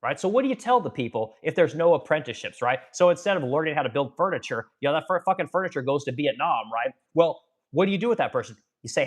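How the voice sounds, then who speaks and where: A man's voice: a little high, animated, fast talker. A man hosting a live stream, ranting bluntly and profanely about the economy and reading viewer comments, with rambling asides to his audience. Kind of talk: casual political rant on a live stream.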